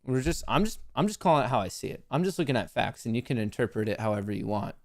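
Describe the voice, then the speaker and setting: Male live-stream host with a gravelly voice and a dry, close sound, rambling through market commentary with jokes. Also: mid-range voice, fast, a little mellow, no room sound. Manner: joking, rambling, self-mocking.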